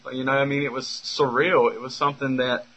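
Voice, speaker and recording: A man's voice: medium pitch, level tone, a little fast, fairly bright tone, muffled recording. A man speaking in an unscripted monologue, rambling with lots of fillers and restarts. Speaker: speaker recounting a personal story.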